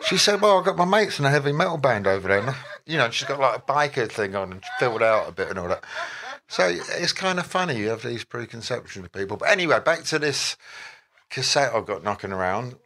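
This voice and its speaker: A man, an interview guest telling rambling, animated anecdotes full of quoted voices. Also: mid-range voice, brisk. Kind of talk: anecdotal storytelling.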